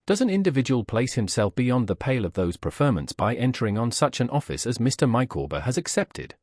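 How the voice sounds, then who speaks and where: A man's voice: medium pitch, very animated, brisk, darkish tone, no room sound, clean studio sound. A man reading the part of a pompous, insistent middle-aged wife in an audiobook, speaking in a grand, formal, emphatic way.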